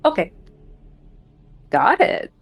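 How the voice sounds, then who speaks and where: A woman playing in an online tabletop game, asking slow, careful questions. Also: crowd noise. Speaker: player. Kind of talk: casual tabletop game chat.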